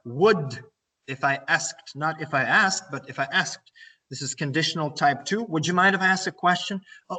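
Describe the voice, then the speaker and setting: Ukrainian-accented male English teacher, bright and somewhat high voice, a bit off-mic. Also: far from the mic, rough recording. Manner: explains and repeats phrases, stresses grammar points. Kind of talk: online lesson lecture.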